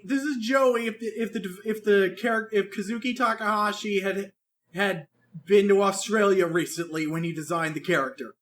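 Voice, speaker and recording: High-voiced man in rambling, profane chat. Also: normal speed. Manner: animated, profane, rambling with many restarts. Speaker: podcast co-host reviewing an anime. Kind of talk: casual chat.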